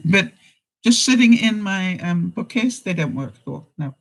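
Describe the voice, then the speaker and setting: A woman's voice: mid-range voice, moderate pace, poor audio. A woman chats to her viewers in a loose, homey way. She speaks bluntly and breaks into laughter often. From Canada. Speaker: vlogger. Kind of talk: casual live chat to viewers.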